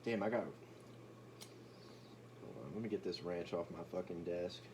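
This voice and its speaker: A man's voice: deep voice, moderate pace, a little mellow, slight background noise. A young man ranting in a brash, profane, boastful comedic commentary, stumbling over restarts as he talks.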